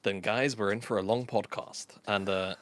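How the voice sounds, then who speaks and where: A man's voice: on the low side, fairly even intonation, normal speed, fairly bright tone. A man co-casting a live esports broadcast, rambling playfully and often correcting himself mid-thought. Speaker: esports caster. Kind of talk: casual live esports commentary.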